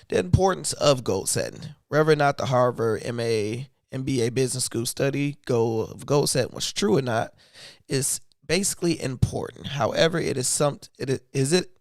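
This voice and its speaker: A man from Michigan hosting a casual livestream, his voice a little hoarse, talking loosely and reading from his notes. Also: mid-range voice, no echo, clean studio sound. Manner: loose and conversational, reads aloud from notes. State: slightly hoarse voice. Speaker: YouTube livestream host.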